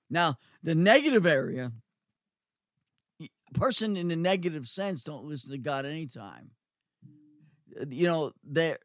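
A middle-aged man preaching a sermon, slowly repeating phrases for emphasis and swinging between loud and quiet. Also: mid-range voice, no echo, studio quality. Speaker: preacher, former nursing home chaplain.

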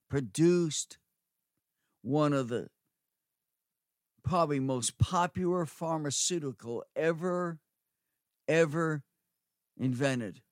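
A middle-aged man preaches in a slightly high voice, unhurried and deliberate, circling back over his phrases. His delivery swings from hushed stretches to loud emphasis. The sound is close and dry, with no room echo. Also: clear, resonant tone. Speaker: preacher, former nursing home chaplain. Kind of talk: sermon.

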